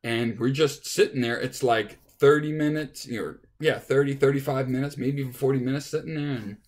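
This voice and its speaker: A man's voice: mid-range voice, steady tone, fairly quick. A man, a touring musician, casually telling a rambling anecdote with restarts, acting out what people said. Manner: rambling, with restarts and acted-out quotes. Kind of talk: casual storytelling.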